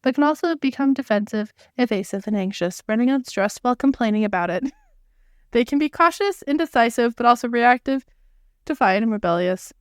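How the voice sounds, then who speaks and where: A woman's voice: on the high side, expressive, brisk, dry recording, clean studio sound. A young woman co-hosting a podcast, chatting playfully and reading out list items. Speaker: podcast co-host. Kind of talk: casual chat.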